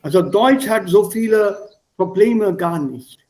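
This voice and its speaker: A man's voice: high-pitched, lively intonation, unhurried, a little mellow, low-quality recording. A man teaching an online class over a video call, repeating and spelling words and coaxing his students to speak. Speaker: language teacher.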